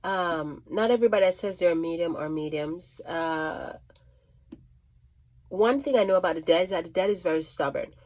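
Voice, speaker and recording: A woman's voice: lowish voice, darkish tone. A woman working as a psychic medium, telling a casual storytime monologue in a rambling way, restarting and repeating phrases with many ums.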